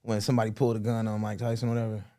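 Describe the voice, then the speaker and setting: A man telling a story as a guest comedian in a casual podcast chat, animated and full of slang. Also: on the low side, rapid-fire.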